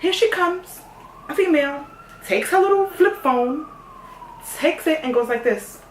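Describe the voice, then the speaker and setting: A young woman telling a story in a casual, sassy way, dropping to a hush and then getting loud. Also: sits high, measured pace, distant mic, slight background noise. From New York. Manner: animated, sassy, swings from hushed to loud. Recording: echoey room, voice off-mic.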